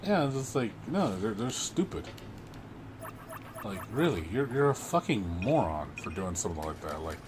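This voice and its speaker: A man's voice: fairly low pitch, sing-song, normal speed, background noise. A young man livestreaming and chatting casually while he plays, ranting in a profane, exasperated way. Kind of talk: casual chat while gaming.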